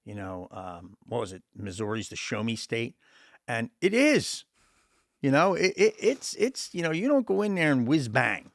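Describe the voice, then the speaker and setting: Podcast host, male, animated storyteller, very expressive pitch, dry studio mic. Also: moderate pace, no room sound. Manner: animated storyteller, acts out voices in anecdotes. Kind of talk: casual interview chat.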